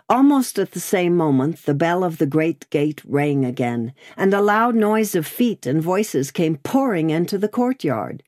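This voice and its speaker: A woman narrating an audiobook in an expressive storytelling style. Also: low-pitched, unhurried, no echo, clean studio sound. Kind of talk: scripted narration.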